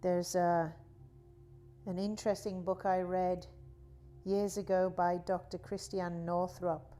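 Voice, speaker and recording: A woman teaching a guided yoga class, talking in a slow, soothing, drawn-out way. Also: on the low side, level tone, mellow, soft background music. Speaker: yoga instructor.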